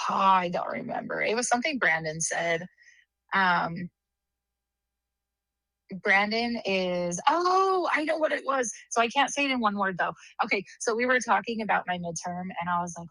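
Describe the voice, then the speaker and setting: A woman's voice: medium pitch, lively intonation, normal speed, pushed and bright, no room sound, low-quality recording. A woman in her thirties chatting casually on a podcast, rambling through stories and laughing often. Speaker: podcast co-host, sister. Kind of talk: casual chat.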